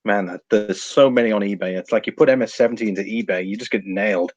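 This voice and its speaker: A man hosting a live stream, chatting casually and thinking out loud while he reads out figures and viewer comments. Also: fairly low pitch, fast talker, no room sound. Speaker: livestream host reading viewer chat.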